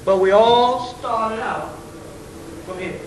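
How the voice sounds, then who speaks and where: High-voiced man lecturing, slangy and joking. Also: slow pace. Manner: slangy, joking, full of rhetorical questions; chuckles between points. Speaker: lecturer addressing an audience. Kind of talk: informal spoken lecture. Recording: roomy, distant, faint hiss.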